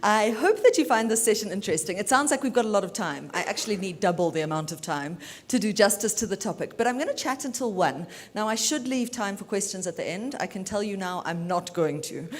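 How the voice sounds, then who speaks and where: A woman from South Africa giving a brisk, chatty and self-assured talk as a media lawyer at a conference. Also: lively intonation. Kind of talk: keynote talk. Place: conference hall. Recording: reverberant hall, faint rumble.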